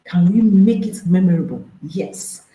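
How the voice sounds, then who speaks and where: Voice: mid-range voice, animated, unhurried, mellow, roomy sound, low-quality recording. A marriage and intimacy coach, speaking to an audience, emphatic and repeating phrases, firing off rhetorical questions.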